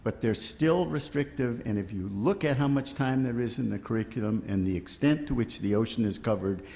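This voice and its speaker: A man's voice: mid-range voice, fairly quick, warm tone. A man speaking on a panel, making his point emphatically and with strong opinions. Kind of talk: panel discussion argument. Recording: reverberant hall.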